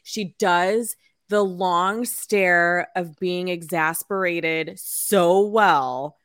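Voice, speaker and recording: A woman co-hosting a casual chat about a film, talking in an animated way and laughing often. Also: on the low side, drawn-out words, no room sound, clean studio sound. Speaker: podcast co-host.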